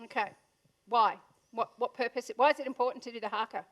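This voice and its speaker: A high-voiced Australian woman, sounding like a motivational speaker on stage, delivers a punchy keynote to a live crowd in an event room. She talks fairly quickly in a slightly bright voice and keeps asking the audience questions.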